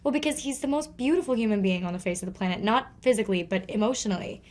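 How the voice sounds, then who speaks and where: A young woman, chatting casually as an interview guest, animated and quick to laugh. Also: medium pitch. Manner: animated, giggly, acts out quotes. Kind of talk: casual chat.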